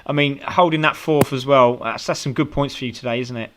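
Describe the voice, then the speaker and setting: A man's voice: mid-range voice, fairly even intonation, fairly quick, fairly bright tone, slight background noise. British man, sim racing commentator, upbeat post-race interviews, generous with praise.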